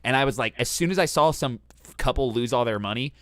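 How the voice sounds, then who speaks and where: An animated man swaps travel stories in a loose, profane chat, tossing "dude" into nearly every sentence. His voice sits at a middling pitch and sounds close and dry, with no room around it. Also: quick pace, no room sound. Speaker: host. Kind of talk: casual storytelling chat.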